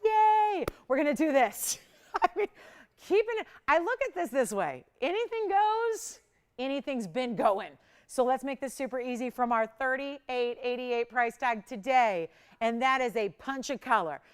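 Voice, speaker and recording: Woman, shopping-channel host, slightly high and silky voice, excitable auction patter, a little winded. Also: clean tone. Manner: bubbly, fast sales patter with laughs. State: out of breath. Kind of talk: live jewelry auction selling.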